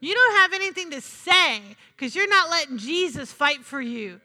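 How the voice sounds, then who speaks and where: Bright, high-pitched woman preaching in a hall. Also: animated, moderate pace. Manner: emphatic, repeats phrases, asks the congregation "Amen?". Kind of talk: sermon. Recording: long hall reverb.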